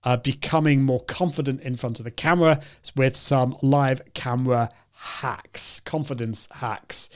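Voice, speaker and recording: Man, live show host, fairly high voice, chatty, self-correcting, laughs often. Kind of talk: live-stream talk to viewers.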